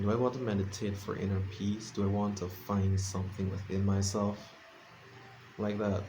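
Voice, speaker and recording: Sleepy rambling man, low voice. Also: background noise. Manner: rambling, self-deprecating, many fillers and restarts. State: sleepy, late at night. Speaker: vlogger. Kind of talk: casual late-night vlog ramble. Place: his room at home.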